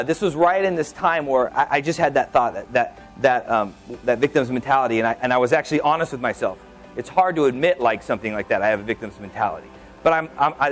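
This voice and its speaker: A man giving a sermon in a casual, candid storytelling way, with frequent restarts and asides. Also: fairly high pitch. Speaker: preacher. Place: church hall.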